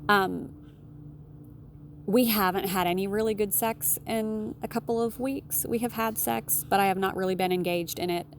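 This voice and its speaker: A woman relationship consultant speaks alone in a frank, unfiltered advice monologue and swears freely. Her voice sits at an ordinary middle pitch, and she jumps up sharply when she stresses a point. A faint hiss of background noise sits under the recording. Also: normal speed. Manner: blunt, candid, swears casually; animated, with sudden emphatic jumps in pitch.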